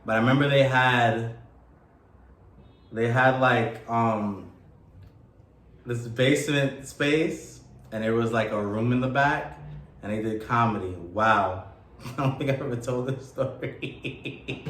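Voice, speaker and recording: Loud, teasing man in an echoey room. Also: mid-range voice, slow, long pauses. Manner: loud, playful, teasing, swears a lot. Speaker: podcast co-host. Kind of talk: casual chat. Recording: echoey room with faint noise.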